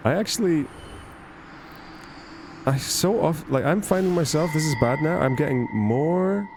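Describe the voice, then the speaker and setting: A man with a medium-pitched voice chats casually while streaming a game, rambling and joking and often cutting himself off mid-thought. Background noise is audible.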